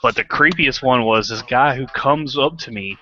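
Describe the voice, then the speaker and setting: A man's voice: mid-range voice, normal speed, pushed and bright, a little hiss or hum. A man hosting a casual online hangout, telling profane, laughing stories. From southern United States. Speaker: hangout host. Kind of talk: casual group chat, storytelling. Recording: dull lo-fi online call audio.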